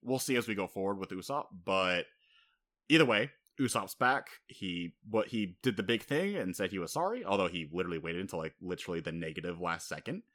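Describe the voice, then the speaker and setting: A young man co-hosting a podcast who recaps a story in casual, animated chat, swearing freely and acting out character lines. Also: deep voice, fairly quick. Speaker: podcast co-host.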